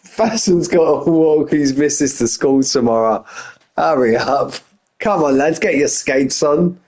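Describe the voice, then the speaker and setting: A man's voice: a little high, expressive, a little slow, darkish tone, husky, poor audio. A young man giving chatty, joking live commentary on an online sim race. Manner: chatty, jokey banter with drivers.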